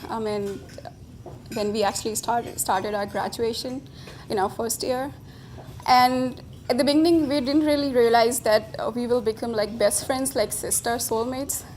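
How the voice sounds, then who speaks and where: Bride's best friend: emotional woman with an Indian English accent, high-pitched, nervous and halting in her toast. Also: fairly even intonation, darkish tone, a little hiss or hum. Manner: nervous, halting, with many restarts. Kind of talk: wedding toast. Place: wedding reception.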